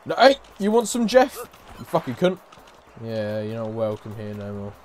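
A man commentating a game, loud and mocking, swearing and taunting characters. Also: lowish voice, huge pitch swings, normal speed. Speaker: gaming YouTuber. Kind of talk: let's play commentary. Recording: game music faint behind.

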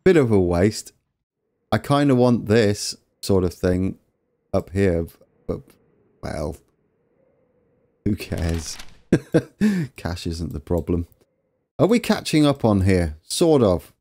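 A man narrates his train game in an unhurried, low voice. His tone is mellow and dark as he chats with viewers and admits his own mistakes. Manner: self-deprecating, chatty, talks to viewers while fixing trains. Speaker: let's play host. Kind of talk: casual gameplay commentary.

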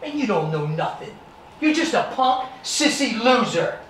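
A man putting on a taunting teenage bully, his voice jumping high and loud. It sounds echoey and distant, in a roomy space picked up from afar. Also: sing-song, moderate pace, slight background noise. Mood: sneering. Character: teenage boy bully, sneering and menacing. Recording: echoey room, distant mic.

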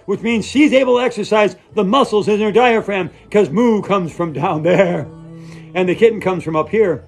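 A man playing an over-earnest female yoga instructor who leads a comic yoga class, chanting in a breathy sing-song. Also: sits high, normal speed, faint music behind. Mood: dreamy.

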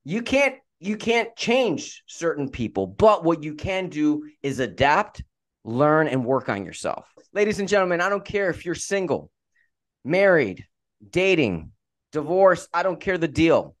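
A man's voice: fairly high pitch, big pitch swings, a little slow. Emphatic male podcast host. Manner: emphatic, repeats words for effect. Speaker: podcast host and relationship coach. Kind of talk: energetic podcast interview.

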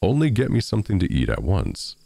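A man's voice: low-pitched, huge pitch swings, brisk, vocal fry, warm tone, dry recording, voice pushed up, exaggerated voice. A man voicing a hungry, greedy miller in a storybook reading, raising his voice into a blustering bark. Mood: hearty.

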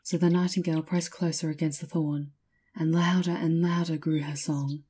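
A woman reads a fairy tale aloud in a measured, lyrical manner. Her voice is low and husky, with a mellow, dark warmth that fits a storybook reading. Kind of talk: scripted storybook narration.

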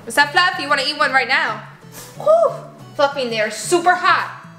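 A woman's voice: high-pitched, fairly quick, reverberant, soft background music. A young adult woman narrating a playful vlog, talking animatedly to her toy llamas and to viewers. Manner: animated, talks to toys and viewers. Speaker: vlogger playing with toy llamas.

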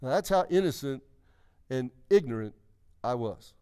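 A man's voice: medium pitch, expressive, moderate pace, warm tone, clean tone. A man in his sixties preaching a testimony in church, telling his story earnestly and emphatically, often restarting his sentences. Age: 60s. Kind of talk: sermon testimony.

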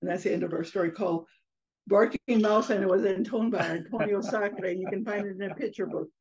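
A woman telling a children's story in an expressive oral storytelling style, slipping in Spanish phrases. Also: mid-range voice, a little fast, slightly rough. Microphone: video call. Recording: slightly muffled online video call.

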